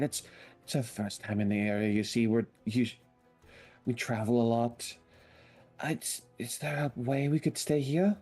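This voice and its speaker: A man's voice: medium pitch, fairly even intonation, unhurried, darkish tone, soft background music. Polite man speaking in character. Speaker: player. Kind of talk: in-character role-play.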